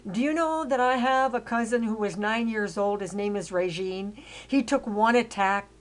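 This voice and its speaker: A woman's voice: fairly high pitch, moderate pace. Older woman telling her story, rambling. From Canada. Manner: rambling, frequent fillers and restarts; grows loud and emphatic when indignant. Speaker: autobiographical storyteller. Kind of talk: casual narration over photos.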